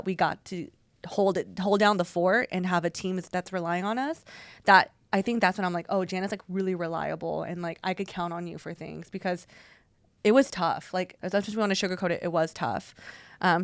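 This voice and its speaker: A woman co-hosting a podcast, talking in an emotional, halting way with many restarts. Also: on the low side, no room sound. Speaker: podcast co-host. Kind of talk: heartfelt casual podcast chat.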